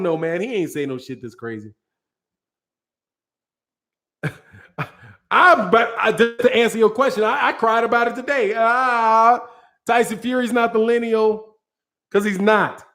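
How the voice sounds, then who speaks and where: Speaking in a very high pitch at a measured pace, a man hosts a boxing channel in live-stream fashion. He's animated and slangy, laughs a lot, and acts out what the fighters said.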